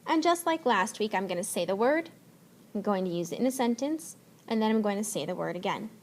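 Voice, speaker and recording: A woman teacher giving a spelling lesson, slowly and patiently sounding out letters and words. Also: mid-range voice, expressive, a little hiss or hum.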